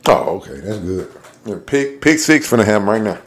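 A man's voice: fairly low pitch, sing-song, a little fast. A Southern man around forty from Mississippi, teasing and playful in casual sports banter, often talking over others. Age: 40s.

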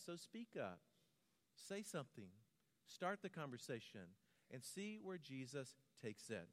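American preacher in a reverberant hall. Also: male voice, medium pitch. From United States. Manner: quiet storyteller building to a rhythmic litany. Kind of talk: sermon with personal storytelling.

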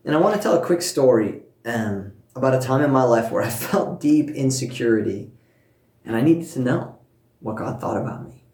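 A man preaching a sermon, telling a personal story with warmth and earnest emphasis, speaking to listeners at home. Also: mid-range voice, expressive, moderate pace, reverberant. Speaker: pastor.

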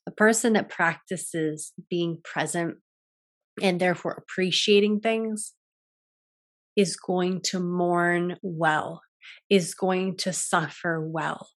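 A young adult woman hosting a yoga and wellness talk, speaking in a gentle, contemplative way with frequent restarts. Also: on the low side, steady tone, slow. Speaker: yoga and wellness podcast host. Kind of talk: reflective solo talk.

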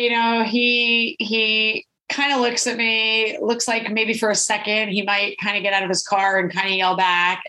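A woman podcast host telling a personal story in a lively, animated way, often laughing and checking in with "right?". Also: mid-range voice, low-quality recording. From California. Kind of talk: storytelling monologue.

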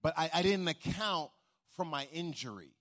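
A man's voice: a little high, lively intonation, moderate pace, a bit bright. A middle-aged man preaching a sermon, telling a humorous personal story full of restarts before building into a rhythmic preaching cadence. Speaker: pastor.

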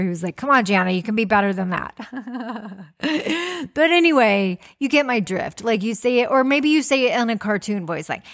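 A woman hosts her own podcast in a relaxed, chatty monologue. Her voice sits at an ordinary middle pitch. She keeps encouraging the listener and often restarts her sentences mid-thought. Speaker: podcast host. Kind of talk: casual monologue.

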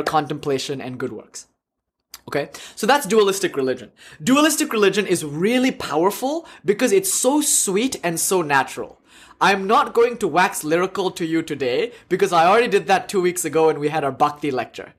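Male lecturer, slightly high voice, lively, laughs and self-corrects while teaching a class. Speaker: lecturer on religion.

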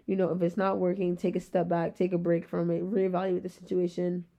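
A young woman in her twenties hosting a solo podcast, rambling in very fast casual chat with a rough-sounding voice. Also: fairly low pitch, completely flat delivery, mellow. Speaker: podcast host.

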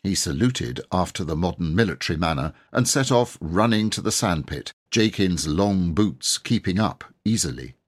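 A man narrating a classic children's book in an expressive storybook reading. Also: sits low, normal speed, hardly any pauses, slightly rough. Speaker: audiobook reader.

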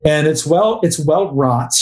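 A man's voice: a little high, expressive, measured pace, a little mellow. A middle-aged man co-hosting a casual book talk, rambling, restarting sentences and reading passages aloud. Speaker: podcast co-host.

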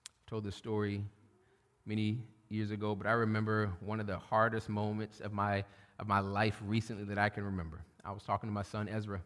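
A middle-aged man preaching a sermon, shifting between loud preaching and quiet storytelling. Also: lowish voice, flat delivery, brisk. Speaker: pastor. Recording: long hall reverb.

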